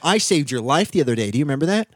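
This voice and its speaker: A playful man in podcast banter whose pitch leaps all over the place as he acts out silly scenes. His voice sits a bit higher than most men's. The sound is dry and close on a studio mic. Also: sing-song, very fast, dry recording. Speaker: podcast co-host. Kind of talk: casual chat.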